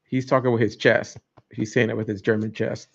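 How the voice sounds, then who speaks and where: Gravelly man hosting a loose livestream. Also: lowish voice, flat delivery, brisk. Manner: loose, rambling and joking. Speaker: livestream host. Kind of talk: casual livestream chat. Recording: dull lo-fi stream audio.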